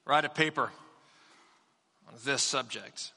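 A pastor in his forties delivering a sermon in measured, emphatic phrases, with repetition for weight. He speaks from a church sanctuary. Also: medium pitch, pushed and bright, long reverb tail.

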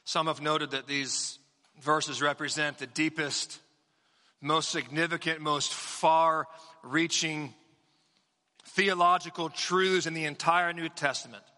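A pastor in his forties delivering a sermon in measured, emphatic phrases, with repetition for weight. He speaks from a church sanctuary. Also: a little high, steady tone, bright, forceful tone, in a large hall.

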